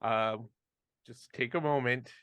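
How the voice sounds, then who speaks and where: A man running a tabletop game in casual chat, quick and wry. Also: medium pitch, fairly even intonation, fairly bright tone, no room sound.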